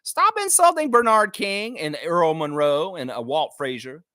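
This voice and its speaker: A man hosting a fan livestream rants in casual, animated commentary, his pitch leaping up and down as he mocks opponents. The sound is dry and close, with no room around it. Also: unhurried, no echo. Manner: animated, ranting, mock-voices in asides. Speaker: host of a basketball fan livestream.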